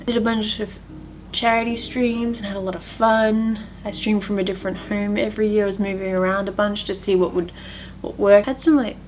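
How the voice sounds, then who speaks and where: A young woman talks through her own story in a casual vlog voice. She is chatty and upbeat and pokes fun at herself, at a middle pitch for a woman. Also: slight background noise. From Australia. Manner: chatty, upbeat and self-deprecating. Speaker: streamer and YouTuber.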